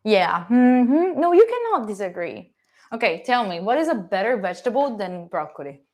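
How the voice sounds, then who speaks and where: A young Italian woman with an Italian accent cooks in her home kitchen while chatting with her stream, teasing viewers and swearing casually. She's chatty and playful, with a mid-range voice, big pitch swings and a normal speaking speed.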